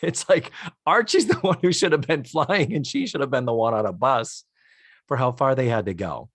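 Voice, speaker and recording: A man's voice: mid-range voice, normal speed, slightly rough, dry recording, clean studio sound. A man co-hosting a podcast, chatting casually and enthusiastically as he recaps a TV episode in detail. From United States. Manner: animated, enthusiastic, detailed describing. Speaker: podcast co-host.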